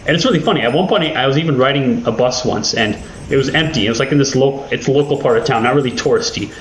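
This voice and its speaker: A man's voice: medium pitch, fast talker, slight background noise. Rambling, swearing man in an echoey room. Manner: rambling, profane, self-deprecating. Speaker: video host. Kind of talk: casual rambling chat over gameplay.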